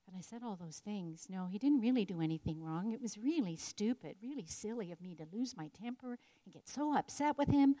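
A woman's voice: on the high side, dark tone. An older woman telling a personal story in an earnest, reflective devotional talk. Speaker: speaker sharing a personal story.

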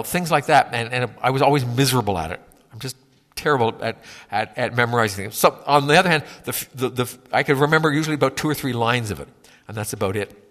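A man preaching a sermon in a conversational, halting way, often repeating words as he gathers his thoughts. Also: mid-range voice, fairly bright tone, long reverb tail. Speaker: pastor.

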